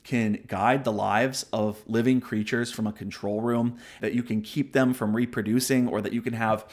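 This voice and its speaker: A man hosts a book review show and talks through big ideas in a casual, conversational way. He often tags his points with "right?" and admits it when he wanders off on a tangent. His voice sits at an average pitch. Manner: self-aware digressions. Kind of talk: casual spoken commentary.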